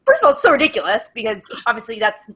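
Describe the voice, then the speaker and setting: A woman co-hosting a casual chat, giggly, who acts out quotes in high silly voices. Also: very animated, rapid-fire, a bit bright, slightly rough. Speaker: podcast co-host.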